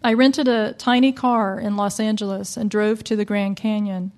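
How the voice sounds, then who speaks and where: A woman voicing a gentle, wistful male policeman by quoting him in her own voice within a told story. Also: mid-range voice, flat delivery, moderate pace, natural voice.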